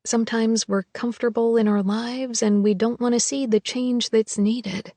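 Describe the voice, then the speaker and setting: A woman narrating a first-person romance audiobook in a soft, hushed, intimate way. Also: fairly high pitch, fairly even intonation, normal speed, no echo.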